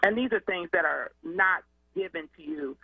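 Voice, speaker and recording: A woman educator and student advocate, a guest calling in to a radio show, explaining in an animated, conversational way. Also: on the low side, normal speed, gravelly, breathy edge, dry recording. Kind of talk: radio call-in interview. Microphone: phone line. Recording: tinny phone line.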